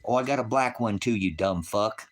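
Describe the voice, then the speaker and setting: A man's voice: fairly low pitch, moderate pace. A man on a ranch ranting angrily on a livestream, profane and taunting. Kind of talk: angry livestream rant.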